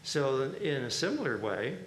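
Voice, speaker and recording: Relaxed man in a roomy space. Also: mid-range voice, moderate pace. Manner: relaxed, chuckling, hesitant with fillers. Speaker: monk leading a reading and discussion. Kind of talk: informal spiritual commentary. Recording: roomy echo, faint background noise.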